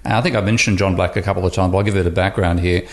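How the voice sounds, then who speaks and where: A man's voice: low-pitched, fairly even intonation, racing. A man talking as a guest economist on a podcast, explaining at length with frequent restarts. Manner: rambling, explanatory, many restarts. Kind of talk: casual podcast interview.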